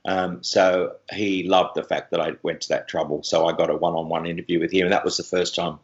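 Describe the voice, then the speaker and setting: A man, a radio presenter telling rambling, animated stories in an interview. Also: deep voice, brisk, lo-fi sound. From Australia. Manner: rambling, animated storyteller with many restarts. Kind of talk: anecdotal interview chat.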